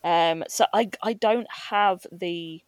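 A woman hosting a podcast, chatting casually with quick asides and frequent laughs. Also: on the low side, dry recording. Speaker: podcast host. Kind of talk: casual chat.

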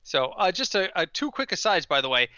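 A man with a high, bright voice co-hosts a casual sports podcast. He tells stories with animation and builds his rants to comic punchlines. The sound is dry and slightly dull, close to the mic. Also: big pitch swings, fairly quick, no room sound. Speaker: podcast co-host.

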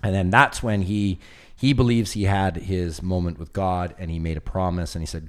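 A man with a very low, deep voice chatting casually. He tells long stories with lively energy and slips into the voices of the people he quotes. The talk is loose and conversational. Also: moderate pace. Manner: animated storyteller, acts out quoted voices. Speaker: film producer guest. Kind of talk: casual chat.

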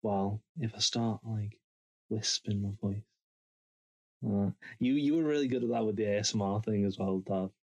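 A man's voice: lowish voice, moderate pace, dull audio. A man chatting as a podcast guest, rambling and swearing with lots of restarts, on a headphone mic. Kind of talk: casual banter. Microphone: headphone microphone.

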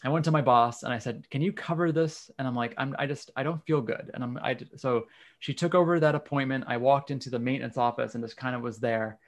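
A man's voice: mid-range voice, steady tone, fast. A man, candidly telling a personal story in casual conversation. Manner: candid, frank, occasional swearing. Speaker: guest.

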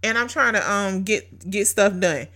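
A woman hosting a casual devotional talk, telling a story in an animated way with frequent laughter and emphatic repetition. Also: medium pitch, a little slow. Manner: emphatic, repeats key phrases. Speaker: podcast host.

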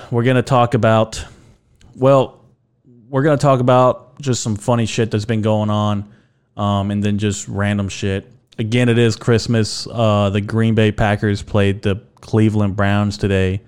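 His fairly low, darkish, smooth voice carries a solo podcast. The young host keeps things loose, wandering between jokes and tangents, with many fillers and a bit of cursing.

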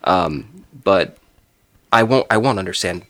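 A man's voice: deep voice, unhurried, fairly bright tone, no room sound. A man co-hosting a podcast, chatting casually in a loose, rambling way with plenty of swearing and laughter. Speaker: podcast co-host. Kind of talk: casual chat.

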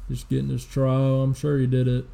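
A young man in his twenties rambles through a story in loose, profane podcast chat. His voice is dark and mellow with a gravelly fry, and his pitch stays fairly flat. He sounds low on energy and fills gaps with lots of "uh" and "like.". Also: a little fast. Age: 20s. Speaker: podcast co-host. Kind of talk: casual chat.

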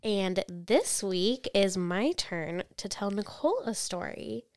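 Podcast co-host, woman, smooth clear voice, dry close mic, chatty true-crime storyteller. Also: mid-range voice, slow pace, no echo. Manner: chatty, reads quotes flatly then reacts.

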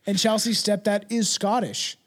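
A man's voice: high voice, flat delivery, normal speed. A man co-hosting a podcast in casual chat, rambling and profane, laughing easily and dropping into a mumble. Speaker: podcast co-host.

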